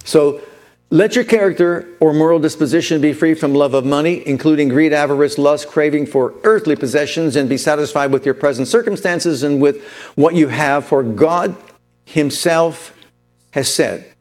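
A man's voice: a little high, normal speed, a little mellow. Emphatic male preacher, faint music behind. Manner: preaching with emphatic repetition, rising to declarations. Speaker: pastor. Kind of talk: sermon.

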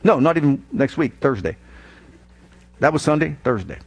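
High-voiced preaching pastor. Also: male voice, fast talker, husky. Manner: animated preaching with mocking asides. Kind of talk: sermon. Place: church.

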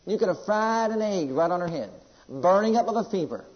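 A pastor with a high-sitting, lively voice preaches briskly, telling personal stories to his congregation in an emphatic, storytelling style. The sound is dull and lo-fi, echoing through a hall.

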